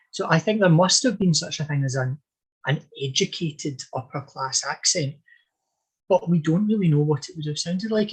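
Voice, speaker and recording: Husky-voiced man, thoughtful historian guest. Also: a little high, low-quality recording. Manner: discursive, thoughtful, frequent self-corrections. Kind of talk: conversational podcast interview.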